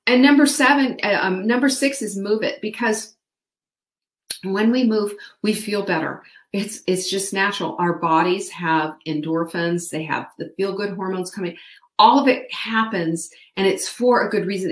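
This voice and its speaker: A woman's voice: mid-range voice, moderate pace, echoey room. A woman hosting a live online show, giving upbeat motivational coaching and speaking to her viewers by name. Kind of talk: motivational live-stream talk.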